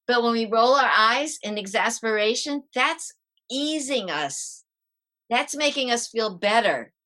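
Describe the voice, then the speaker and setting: A middle-aged woman, a parenting coach, explaining calming techniques as a podcast guest in a lively way and acting out the steps. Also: a little high, unhurried. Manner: lively, demonstrating exercises as she explains.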